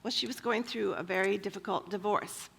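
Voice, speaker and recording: A woman's voice: medium pitch, steady tone, fairly quick, vocal fry, fairly bright tone, a little hiss or hum. A woman telling personal stories at a church women's gathering, chatty and full of fillers. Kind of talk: personal storytelling talk.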